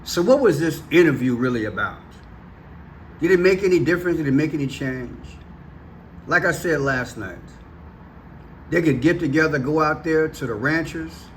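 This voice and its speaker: A man's voice: a little high, a bit bright, a little hiss or hum. Emphatic preachy man with a raised voice. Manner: preachy, emphatic, rhetorical questions. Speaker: commentary vlogger. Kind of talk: monologue commentary.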